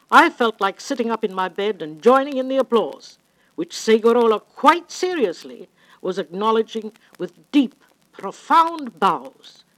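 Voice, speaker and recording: An older woman tells a backstage story in a theatrical way. Her voice sits fairly high and moves a lot in pitch. She sounds delighted to be sharing the tale. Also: a bit bright, low-quality recording. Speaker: opera singer telling an anecdote. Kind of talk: spoken reminiscence.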